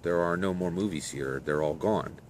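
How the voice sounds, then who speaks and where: The narrator plays a grieving man who guards his own space, with a very low voice. He speaks haltingly and trips over repeated words. A faint outdoor hum sits underneath. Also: close to an everyday voice. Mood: defensive.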